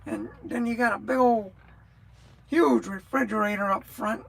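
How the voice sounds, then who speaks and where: A woman's voice: on the high side, normal speed, vocal fry, poor audio. A woman chatting casually on a live stream, rambling from thought to thought and answering viewers' comments as she goes. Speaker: livestreamer.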